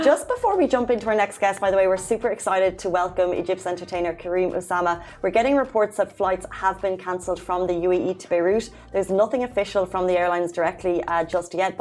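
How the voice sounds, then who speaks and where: A young woman co-hosting a casual talk show, bubbly and emphatic, quick to agree with her co-host. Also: on the low side.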